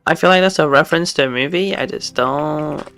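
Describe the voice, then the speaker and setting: A game streamer chatting casually while playing live, talking in a halting, stammering way with many restarts. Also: medium pitch, a bit bright, soft background music.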